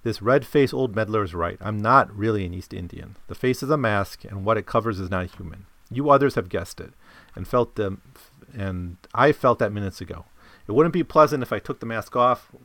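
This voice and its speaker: Man doing masked ancient wizard, grave, warning, low dry voice. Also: normal speed, a bit bright, no room sound. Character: ancient male wizard hiding behind a human mask, grave.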